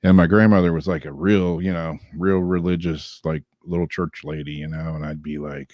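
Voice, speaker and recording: A man's voice: sits low, steady tone, normal speed, a little mellow, dry recording. A man, co-host of a casual chat show, telling rambling stories with many fillers and laughs.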